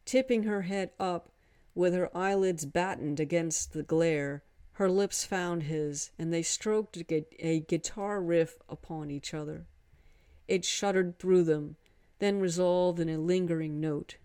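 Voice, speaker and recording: A woman narrating a romance story in a measured, unhurried way. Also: lowish voice, dark tone, clear, resonant tone, no echo. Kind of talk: scripted narration.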